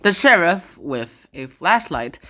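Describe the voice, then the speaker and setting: A woman's voice: fairly low pitch, very animated, slow, fairly bright tone. A woman giving a casual, playful book summary and acting out the dialogue. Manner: chatty, playful, acts out dialogue.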